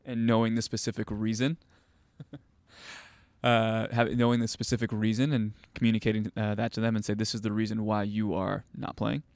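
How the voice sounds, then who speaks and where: A man's voice: lowish voice, level tone, a little fast, darkish tone, no echo. A young man, a goalkeeper coach and host, telling stories casually with many fillers and restarts. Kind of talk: casual conversational storytelling.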